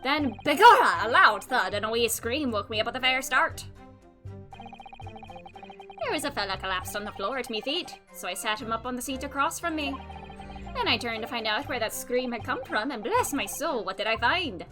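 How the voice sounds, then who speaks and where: A woman's voice: a little high, lively intonation, moderate pace, close to an everyday voice. A woman voicing a jovial older man with a folksy Irish brogue, telling his story with a colloquial lilt. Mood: folksy, chatty. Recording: game music playing behind.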